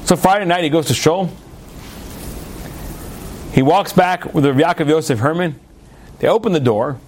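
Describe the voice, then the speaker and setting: A man spins stories for a gathered audience. His voice sits high and swoops widely as he acts out each character's words. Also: brisk, long pauses. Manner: animated storyteller, acts out characters' lines. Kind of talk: storytelling talk to an audience.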